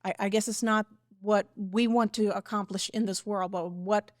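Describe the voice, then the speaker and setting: A woman takes part in a faith-based discussion as co-host, speaking thoughtfully and conversationally. Her voice sits at an ordinary pitch for a woman. The recording is dry and close. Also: fairly even intonation, moderate pace, dry recording.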